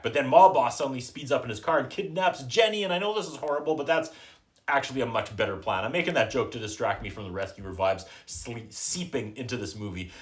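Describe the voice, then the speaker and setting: Dry, joking male podcast host. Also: medium pitch. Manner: dry, joking, quotes characters in quick put-on voices. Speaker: podcast host reviewing a movie. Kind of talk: casual recap with sarcastic asides.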